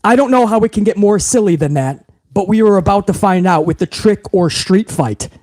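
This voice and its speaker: Guy ranting about last night's wrestling, high-ish voice, swears a lot, trips over words, dry close mic. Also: fairly quick, no room sound. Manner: animated, profane, rambling with frequent restarts. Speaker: wrestling show host. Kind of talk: live stream recap commentary.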